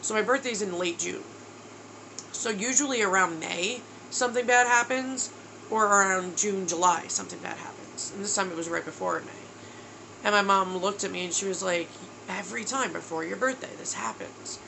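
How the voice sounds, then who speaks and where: A woman in her thirties from New York records a personal video diary, speaking candidly and emotionally while exhausted and on the verge of tears, and she says "bro." Her mid-range voice is gravelly and moves at a moderate pace, with background noise behind her.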